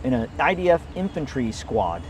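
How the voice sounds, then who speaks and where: A man's voice: medium pitch, sing-song, moderate pace, noisy background. A man answering interview questions, recounting events and acting out what others said. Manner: storytelling, acts out dialogue. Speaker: interviewee, former aid worker.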